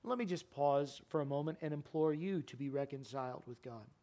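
A man preaching a sermon in a church, impassioned, his voice climbing high and loud, then sinking to a quiet, earnest plea. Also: brisk. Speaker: pastor. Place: church sanctuary.

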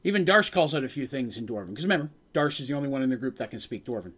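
A man's voice: mid-range voice, animated, very fast, a bit bright, breathy edge. A man acting as game master, retelling a tabletop game session in dramatic narration with casual asides.

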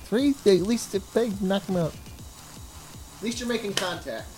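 A player in a tabletop game, profane and excitable in casual banter. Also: mid-range voice, normal speed, over music, low-quality recording.

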